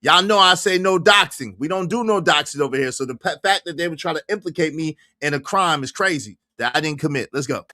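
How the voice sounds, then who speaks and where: A man hosting a reaction livestream who talks in an excitable way, laughs often and repeats his phrases over and over. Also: on the high side, fairly quick, hardly any pauses, no room sound, studio quality. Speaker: livestream host.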